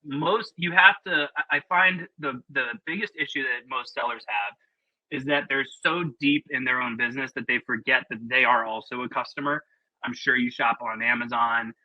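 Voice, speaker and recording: A man's voice: medium pitch, normal speed, sharp tone, dry recording, highs cut off. A man presenting a webinar in a casual, chatty, opinionated way with plenty of fillers, over a video call.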